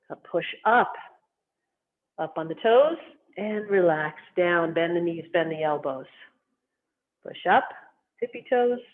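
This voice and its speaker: Through a thin, phone-like recording, a calm qigong teacher guides her class one step at a time through slow movement and stretching work. Her mid-range voice stays gently instructive as she cues every motion in this guided lesson.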